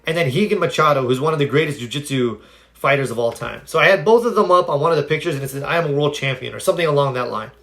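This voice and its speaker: A man's voice: on the high side, very fast. A man talking casually on a live stream, telling stories earnestly and giving motivational advice, stopping now and then to answer viewers. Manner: earnest, animated storyteller; answers viewer comments directly.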